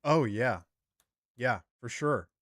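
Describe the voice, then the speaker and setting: A man making dry, deadpan remarks in casual banter with the host. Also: medium pitch, takes it slowly, no echo.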